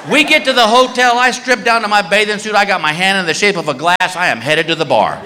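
A middle-aged man doing stand-up, telling a story and acting out the quotes with squeals and shouts. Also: high voice, fast. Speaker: stand-up comedian. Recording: live venue with long reverb, faint room noise.

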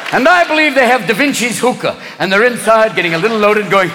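High-pitched hyper guy doing stand-up, voice bouncing all over, big echoey hall, crowd roaring in the background. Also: animated, fast, few pauses, very noisy. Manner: manic, jumps into many put-on voices and shouts. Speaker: stand-up comedian. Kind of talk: stand-up comedy routine. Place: large venue with a live audience. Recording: live hall recording with crowd laughter.

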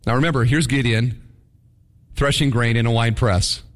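A man preaching a sermon in an animated, conversational storytelling manner. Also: medium pitch, moderate pace, in a large hall. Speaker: pastor.

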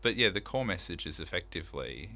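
A man's voice: sits low, very animated, brisk, pushed and bright. A man talking about his theatre production in a casual interview, earnest and enthusiastic, with many fillers. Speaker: theatre director, guest.

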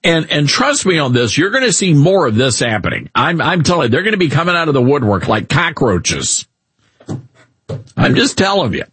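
A man's voice: on the high side, big pitch swings, moderate pace, fairly bright tone, breathy edge, dry recording. A man with a Southern US accent hosting a talk radio show, ranting sarcastically in an opinionated monologue.

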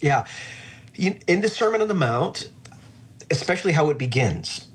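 A man who is a pastor, speaking earnestly and reflectively in an interview about faith, slowing down to stress key phrases. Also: fairly high pitch, big pitch swings, husky.

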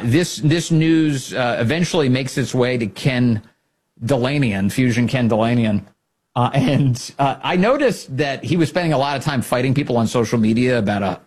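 A male host mocks his targets in a casual, sarcastic commentary. His voice is husky and a little breathy, pitched in the middle for a man. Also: a little mellow. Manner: sarcastic, mocking.

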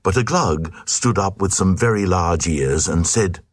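A man's voice: sits low, animated, measured pace, slightly rough, no room sound, studio quality. A man reading a comic narrative poem aloud in a rhythmic, sing-song recitation.

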